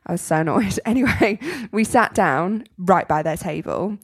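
A woman co-hosting a podcast, telling an animated anecdote in casual chat and laughing often. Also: fairly low pitch, moderate pace. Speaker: podcast co-host.

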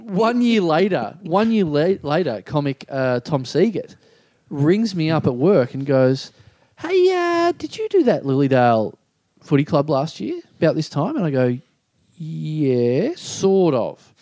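An Australian comedian telling a story in casual chat, acting out other people's voices and laughing often. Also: male voice, a little high, sing-song, unhurried, dark tone, no echo, clean studio sound. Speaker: comedian guest.

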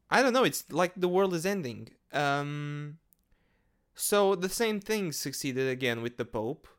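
A man hosting a podcast, rambling casually with lots of hesitant fillers and swearing. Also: on the high side. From Portugal. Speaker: podcast host. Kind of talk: casual monologue.

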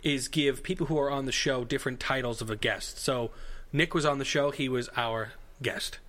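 A man's voice: mid-range voice, fairly even intonation, moderate pace, a bit bright. A man co-hosting a casual podcast, rambling and digressive with a jokey tone. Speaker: podcast co-host. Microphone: headphones and studio mic.

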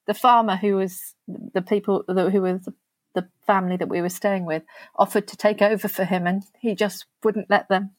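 A woman speaking as an interview guest, earnest and halting, often restarting her sentences. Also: mid-range voice, steady tone, no echo. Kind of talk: conversational interview.

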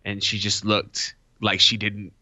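A man's voice: fairly low pitch, monotone, unhurried, sharp tone, dry recording. A man co-hosting a podcast, joking crudely in casual banter and recounting his own stories. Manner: crude, joking banter with playful quoted lines. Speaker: podcast co-host. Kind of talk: casual chat.

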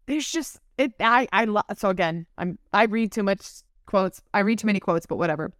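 A woman co-hosts a casual book podcast, dropping curses and laughing between quotes she reads aloud. Her voice sits at a middle pitch. The sound is dry and close. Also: lively intonation, a little fast, few pauses, fairly bright tone, dry recording. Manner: giggly, swears freely, reads quotes aloud. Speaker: podcast co-host.

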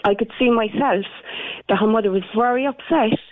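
A woman's voice: a little high, a little fast. An Irish woman florist chatting on a radio phone-in, telling her story with plenty of fillers. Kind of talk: casual radio phone interview. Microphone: telephone. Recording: tinny phone line.

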